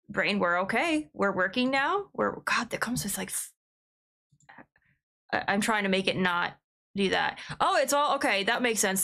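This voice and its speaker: A young woman streaming a game, chatting in a rambling, excitable way and laughing often. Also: medium pitch. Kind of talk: casual livestream chat.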